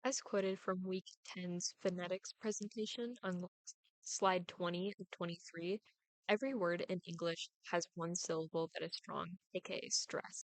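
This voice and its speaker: A young woman, a student, reading her prepared class presentation aloud, deliberately overemphasizing stressed syllables in her examples. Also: fairly low pitch, steady tone, dry recording, low-quality recording.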